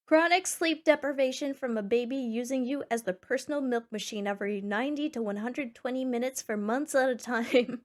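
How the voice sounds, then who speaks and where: A young woman streamer reading forum posts aloud and reacting in a sarcastic, animated way, with sudden loud squeals. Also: a little high, brisk, few pauses. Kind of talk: casual reaction chat.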